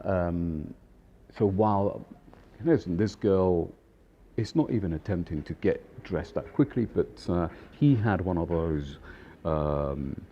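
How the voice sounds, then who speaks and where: A man in his fifties, a chef, telling a casual anecdote in an animated way, acting out voices and laughing often. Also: deep voice, vocal fry, muffled recording, slight background noise. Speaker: chef and storyteller.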